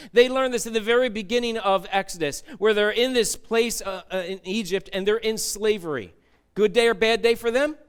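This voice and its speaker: A man's voice: high-pitched, a bit bright, clean tone. A man preaching a sermon as pastor, conversational, repeating key phrases and putting questions to the congregation. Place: church.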